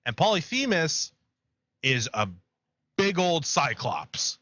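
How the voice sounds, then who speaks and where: Bright-voiced man retelling myths casually. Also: on the high side, slow, no room sound. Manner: rambling, animated retelling with laughs. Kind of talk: casual chat, storytelling.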